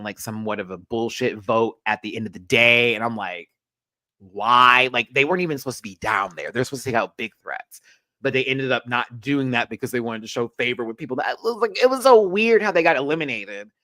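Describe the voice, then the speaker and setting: Man, pop culture rant host, sassy, profane, chatty, mid-pitched voice, dry sound. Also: a bit bright, no room sound.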